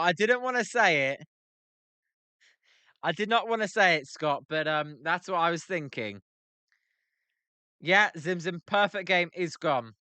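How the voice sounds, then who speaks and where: A man's voice: on the high side, pushed and bright, smooth, no echo. A young British man hosting a live stream, giving casual commentary on a baseball game while chatting with his viewers and joking about pronunciations. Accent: British English. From Britain. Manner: chatty, banters with chat, plays with pronunciations. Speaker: livestream host reacting to a baseball game.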